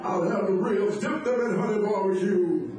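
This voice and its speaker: A big, slow-talking preacher who stretches every word as if from a pulpit, put on by a man. The voice rings around an echoey room. It sounds a little distant from the mic. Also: a crowd in the background, natural voice. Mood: solemn ordering. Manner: drawn-out, deep, speechlike delivery.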